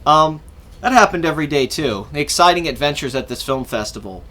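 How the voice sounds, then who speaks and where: A man's voice: fairly high pitch, animated, fairly quick, pushed and bright. A young adult man hosting a podcast, telling a long casual story in a rambling way, swearing freely and acting out what people said. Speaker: podcast host.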